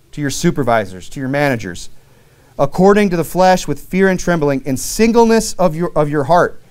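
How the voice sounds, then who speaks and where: A middle-aged man, a deacon, preaching a sermon in a loose, conversational way, telling stories from his old jobs and often asking "right?". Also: on the high side. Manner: conversational, anecdotal preaching with frequent "you know" and "right?". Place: church sanctuary.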